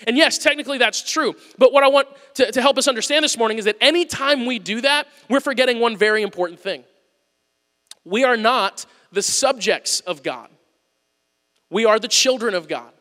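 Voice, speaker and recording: A man preaching a conversational sermon, going from loud emphasis to quiet asides. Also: very high voice, expressive, normal speed. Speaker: pastor. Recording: long hall reverb.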